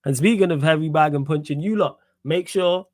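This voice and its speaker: A man's voice: on the high side, a little fast, no room sound. Young guy doing a football q&a stream, loose and slangy, dry close sound. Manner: casual, slangy, laughs and riffs while reading comments. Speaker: host. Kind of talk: solo football Q&A livestream.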